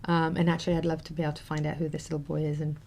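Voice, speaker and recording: Low-voiced woman telling a heartfelt story. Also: little pitch movement, rapid-fire, a little mellow, slight background noise. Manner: emotional, earnest storytelling with fillers. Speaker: talk show host. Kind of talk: casual storytelling.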